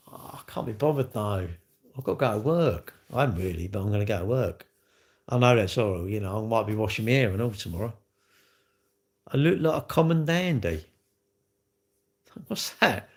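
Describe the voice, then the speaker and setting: A man chatting casually on a live stream, rambling cheekily and answering comments from chat. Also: medium pitch.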